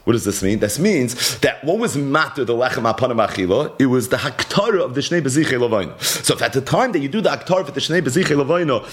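Lively man teaching Talmud. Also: medium pitch, fast talker, hardly any pauses. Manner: animated explaining, mixing English with Hebrew and Aramaic terms. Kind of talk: Gemara lesson.

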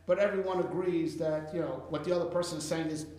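A man's voice: fairly high pitch, steady tone, fast talker, dark tone, echoey room. A man teaching a casual Torah class, talking conversationally with Hebrew and Yiddish terms and frequent "right?" checks.

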